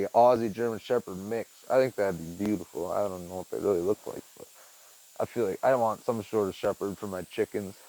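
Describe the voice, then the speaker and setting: A man in his garage talking casually to his viewers, rambling and swearing, and cooing at his cat in a high voice. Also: a little mellow, low-quality recording. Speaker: vlogger. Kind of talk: casual monologue to camera.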